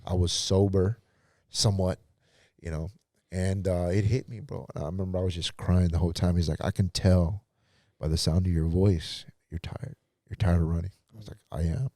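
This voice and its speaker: A man's voice: sits low, fairly even intonation, normal speed, warm tone, dry recording, clean studio sound. A man, a pastor on a podcast, telling his life story earnestly and acting out past conversations. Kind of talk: personal testimony in casual talk.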